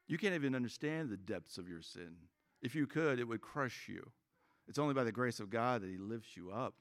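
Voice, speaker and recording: A man's voice: on the low side, moderate pace. Conversational male pastor preaching. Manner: conversational, joking asides, acts out quoted voices. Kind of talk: sermon.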